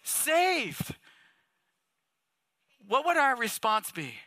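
Bright high-voiced preaching man. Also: moderate pace, no echo. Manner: animated, conversational preaching with rhetorical questions. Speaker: pastor. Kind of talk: sermon.

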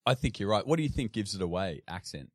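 Deep-voiced Australian man, dry and close. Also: expressive, quick pace, no echo. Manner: rambling, frequent restarts and fillers. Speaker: guest. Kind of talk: casual conversation.

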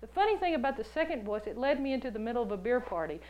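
Woman preacher with a high voice, lively and jokey, acts out voices in her stories. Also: racing, hardly any pauses, muffled recording. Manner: animated storytelling, acts out quoted voices; jokey, laughs often. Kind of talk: sermon.

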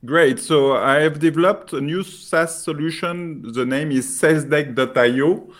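A man from France with a French accent pitching his software product, speaking haltingly with many filler sounds.

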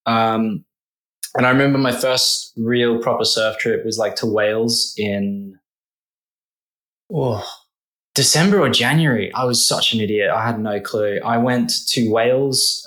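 A man's voice: fairly low pitch, a little slow, fairly bright tone. A man appearing as a podcast guest, telling stories casually and poking fun at himself, with many fillers. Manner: self-deprecating, many fillers. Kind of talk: casual storytelling. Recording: roomy echo.

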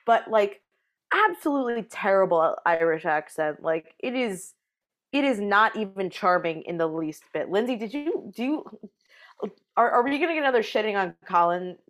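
A woman's voice: mid-range voice, animated, normal speed, a bit bright. A woman co-hosting a casual podcast who gives blunt, critical opinions. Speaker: podcast co-host.

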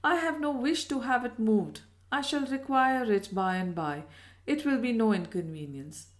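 A woman reading aloud and voicing a frail, nervous Victorian lady who talks in an anxious, high-strung way. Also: lively intonation, moderate pace, lightly acted.

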